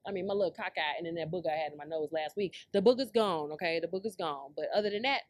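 A woman hosting her own podcast in brash, profane casual commentary, dropping to low mutters and then breaking into loud, high outbursts. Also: fast talker, no echo. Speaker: podcast host.

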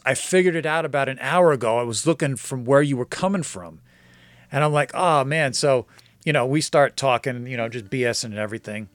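A man casually telling a long story on a podcast, acting out the other people's lines and getting excited at the twist. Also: mid-range voice, brisk, dry recording, clean studio sound. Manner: animated, quotes others in dialogue, gets excited.

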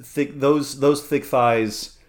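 Man, podcast co-host, rambling, halting, mid-pitched voice, casual chat. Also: fairly even intonation. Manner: rambling, halting, many fillers and restarts, laughs often.

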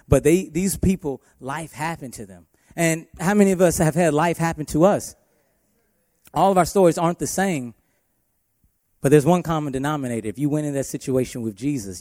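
A man's voice: fairly high pitch, a little mellow, no echo, studio quality. A young adult man, a worship pastor telling stories in a sermon and calling the congregation y'all. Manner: storytelling, addresses congregation as y'all.

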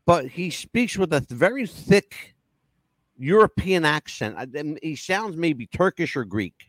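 A man hosting a casual talk show, telling stories in an animated way and swearing freely. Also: a little high, a little slow, dry recording, clean studio sound. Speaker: show host.

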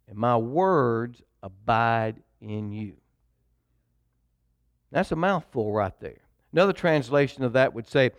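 A male pastor preaching a sermon, emphatic and repetitive, calling on the congregation to read along. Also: on the high side. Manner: preaching with call-and-response to the congregation.

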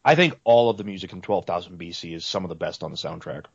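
Lively-voiced man co-hosting a podcast. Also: deep voice, fast, vocal fry, slightly rough, no room sound, highs cut off. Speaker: podcast co-host and streamer. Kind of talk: casual podcast chat.

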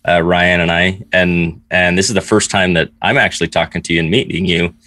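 A man with a very low voice chats casually on a podcast, halting and restarting his sentences. The sound is dry and close. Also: level tone, sharp tone, dry recording. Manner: hesitant, repeats words as he starts. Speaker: podcast co-host. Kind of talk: casual chat.

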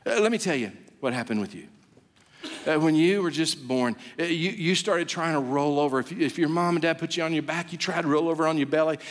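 A man preaching a sermon as pastor, telling stories with animated, playful delivery and acting out a baby's voice. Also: a little high, a little fast, big-room sound. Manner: animated storytelling, acts out a baby's voice.

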